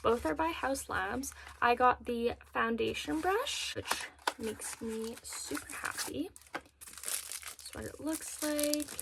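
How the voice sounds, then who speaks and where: Young woman in her early twenties, beauty vlogger, bright, gushing haul chatter, a touch high-pitched. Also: takes it slowly, creaky, noisy background. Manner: bubbly, gushing. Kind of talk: casual makeup haul chat.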